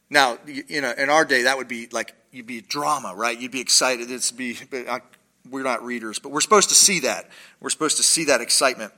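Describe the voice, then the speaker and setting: A man's voice: medium pitch, fairly quick, bright, forceful tone. A man reading scripture aloud and breaking off for casual asides of commentary.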